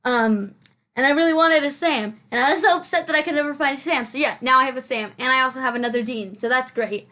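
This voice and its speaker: A young woman with a slightly high voice rambling through a game voice-over. She is scatterbrained, chatty and self-mocking, scolding herself to pay attention. It is close to a headset mic. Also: quick pace, pushed and bright. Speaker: channel host. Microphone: headphones with mic.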